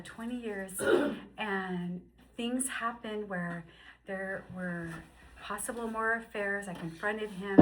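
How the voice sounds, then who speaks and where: A woman in her fifties telling a personal faith testimony in an emotional, animated storytelling way. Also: mid-range voice, background noise. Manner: emotional, animated storyteller who acts out quotes. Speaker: guest sharing her story.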